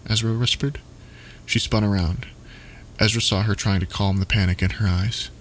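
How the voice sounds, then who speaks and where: A man narrating a scripted story in a measured, steady reading. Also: on the low side, a little hiss or hum.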